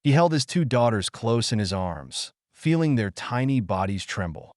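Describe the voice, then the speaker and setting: Male narrator, dramatic audio story, lively pitch, dry close recording. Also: normal speed, no room sound. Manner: dramatic, melodramatic.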